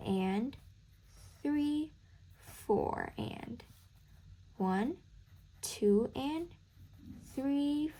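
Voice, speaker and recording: A woman with a mid-range, fairly bright voice tutors music theory in a casual screen-recorded lesson. She's chatty and thinks aloud, correcting herself as she goes.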